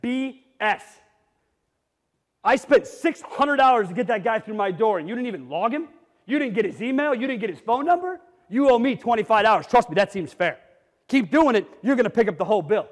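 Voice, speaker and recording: High-voiced animated man in a reverberant hall. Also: fast talker. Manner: animated, blunt, jokey, rising to near shouts. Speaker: conference speaker. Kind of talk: energetic keynote presentation. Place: conference hall with live audience.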